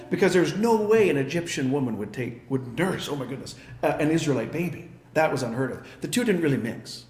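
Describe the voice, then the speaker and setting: A man with a high voice delivers a sermon, telling the story in a lively way and slipping into the characters' voices. The sound is roomy, with a clear echo around him. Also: fairly quick, few pauses. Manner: storytelling, acting out the characters' lines. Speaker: preacher.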